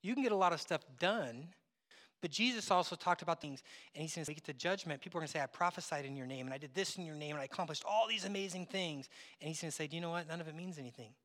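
High-voiced man preaching in a reverberant hall. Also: fast. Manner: conversational, acts out dialogue, swings from loud to hushed. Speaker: pastor. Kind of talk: sermon.

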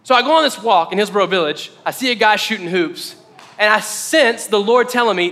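A man's voice: high voice, brisk, bright, forceful tone, long reverb tail. A man preaching a casual, conversational sermon as a pastor, talking in a chatty way full of "like.".

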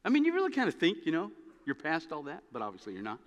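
A man preaching a sermon as pastor, telling stories with an animated, dry humor. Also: a little high, fast, muffled recording. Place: church sanctuary. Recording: long reverb of a church hall.

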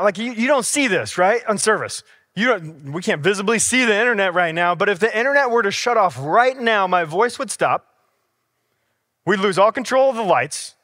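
A man's voice: sits high, a bit bright, dry recording, studio quality. A man preaching a casual, conversational sermon in a church, with everyday stories and acted-out dialogue. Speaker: pastor. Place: church sanctuary.

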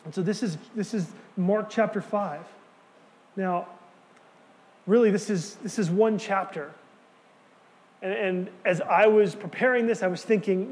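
A man preaching a sermon, earnest and emphatic, dropping to quiet words for key lines. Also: high voice, unhurried, long pauses, in a large hall. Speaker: pastor.

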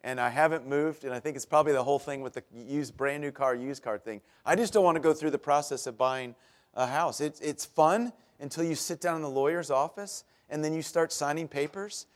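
A middle-aged man preaching a sermon as pastor, telling stories in a chatty way with self-deprecating humor that grows animated at the punchlines. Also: brisk. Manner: animated, rises in pitch and volume at punchlines.

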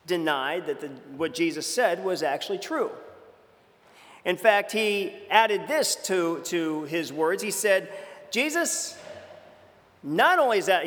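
A man with a high voice preaches a sermon in a church, with long echoes trailing off his words. He talks in a conversational way, restarting phrases and acting out quoted lines with sudden dramatic shifts. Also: fairly bright tone.

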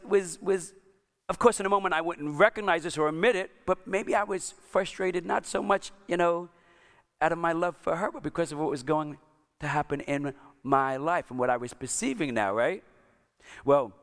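A man's voice: high voice, fairly bright tone. A man preaching a sermon, telling a self-mocking story and chatting with his congregation. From Italian-American. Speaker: pastor.

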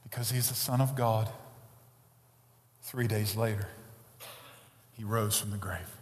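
A man preaching a sermon as pastor, swinging between quiet earnest stretches and loud emphatic passages. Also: fairly low pitch, fairly even intonation, unhurried. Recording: long reverb of a large hall.

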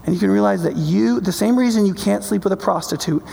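High, gravelly-voiced preacher man. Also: fast talker, slight background noise. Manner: emphatic, conversational, checks in with "okay?"; builds to passionate, loud climaxes. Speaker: pastor. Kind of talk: sermon. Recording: long reverb of a large hall.

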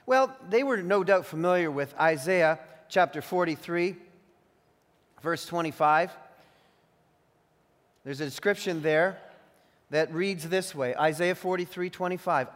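A man with a high-set voice delivers an earnest, teacherly sermon at an unhurried pace, pressing hard on the phrases he wants remembered. His words ring out with the long reverb of a large church hall. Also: lively intonation, a bit bright. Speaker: pastor.

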